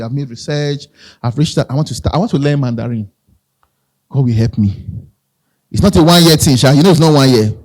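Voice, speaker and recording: This clip features a motivational speaker, a man with a Nigerian accent, talking live to an audience in a conversational way. He often repeats phrases and puts questions to the crowd, his medium-pitched voice somewhat dark in tone.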